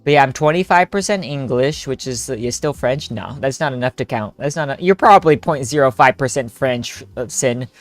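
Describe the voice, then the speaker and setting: A man's voice: medium pitch, fairly quick, few pauses. A young man streaming a story game with friends, joking, laughing and rambling in casual chat. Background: faint game music.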